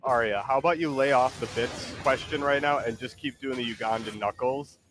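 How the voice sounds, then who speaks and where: A man chats while streaming a game, rambling and hesitant but playful. His pitch is ordinary, and a faint background hum sits under his voice. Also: a little fast. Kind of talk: casual chat while gaming.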